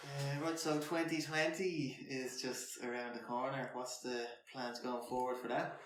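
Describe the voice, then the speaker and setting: A man's voice: medium pitch, level tone, a little slow. A young Irish man hosting a casual podcast, asking questions and moving the talk along. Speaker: podcast host. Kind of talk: casual interview chat. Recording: echoey room, faint noise and clicks.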